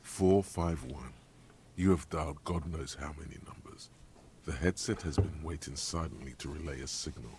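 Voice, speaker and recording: A man voicing a brooding game narrator, speaking in slow, ominous second person with a deep, gravelly voice. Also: noisy background. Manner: slow, ominous, dramatic pacing. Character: brooding omniscient male narrator voice.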